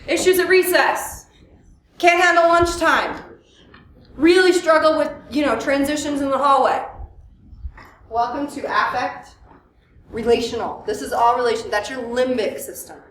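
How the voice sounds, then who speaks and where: A therapist giving a workshop lecture, lively and full of questions for the audience. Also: female voice, high voice, moderate pace, long pauses, slight background noise. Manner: lively, asks the audience questions, acts out quotes. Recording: echoey room, mic at a distance.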